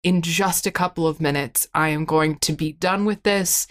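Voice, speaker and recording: A woman's voice: low voice, moderate pace. A woman talking candidly and tearfully in a therapy-style conversation, rambling with frequent "like" and frequent swearing, self-critical.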